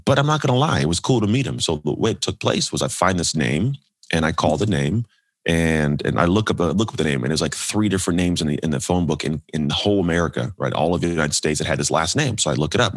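A man in his thirties telling a personal story as a podcast guest, animated and acting out quoted voices. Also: sits low, slightly rough, dry recording, clean studio sound. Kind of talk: storytelling in a casual interview.

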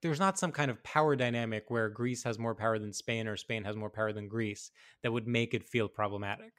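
A man hosting a comedy podcast, chatting in an animated, rambling way and laughing often. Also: on the low side, a little fast. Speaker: podcast host. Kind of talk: casual comedy podcast chat.

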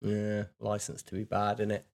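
A man co-hosting a podcast, chatting in a relaxed, easygoing way. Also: on the low side, moderate pace. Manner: relaxed, laughs along, easygoing. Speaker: podcast co-host. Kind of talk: casual chat.

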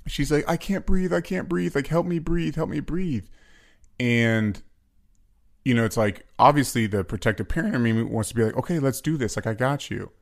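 A man co-hosting a casual podcast, talking through his worries about his daughter in a rambling, self-questioning way. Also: lowish voice. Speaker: podcast co-host.

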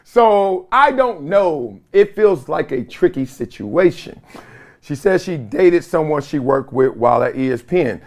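Lively, animated sports podcast man. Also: mid-range voice, moderate pace. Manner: animated, slangy, laughs often, mimics others in quotes. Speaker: podcast host. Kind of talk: casual sports commentary.

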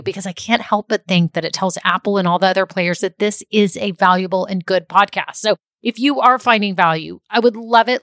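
A woman's voice: mid-range voice, a bit bright, dry recording, clean studio sound. A middle-aged woman hosting a solo podcast, upbeat and gushing in a chatty monologue. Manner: upbeat, gushing, conversational, says y'all. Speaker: podcast host.

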